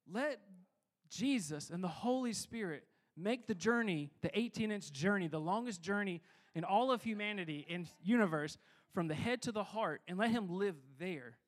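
A man's voice: sits high, a bit bright. A young man giving a sermon as a pastor, talking casually and rambling with lots of fillers.

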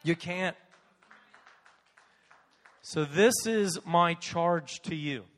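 A male pastor preaching a sermon in an emphatic, animated way, driving points home by repeating key phrases. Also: a little high, very slow, long reverb tail. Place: church sanctuary.

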